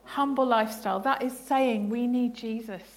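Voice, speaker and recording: A woman's voice: a little high, steady tone, moderate pace. A woman leading an interactive family sermon in church, playful and laughing as she asks the congregation questions. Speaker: bible study leader. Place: church service.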